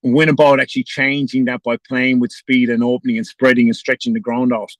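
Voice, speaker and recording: A man's voice: mid-range voice, level tone, no room sound, low-quality recording. A man in his forties with an Irish accent, a former footballer chatting as a guest in a casual, rambling way with many restarts. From Ireland. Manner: quick, rambling, restarts often. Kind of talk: casual chat.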